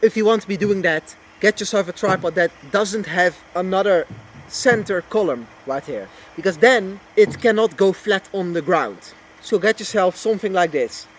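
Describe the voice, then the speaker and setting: Young guy talking thru his wildlife filming gear, kinda high voice, restarts a lot, bit of faint hiss. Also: expressive, normal speed. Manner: chatty, repeats himself, restarts phrases. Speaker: wildlife filmmaker vlogger. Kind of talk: casual gear explainer. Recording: faint background noise.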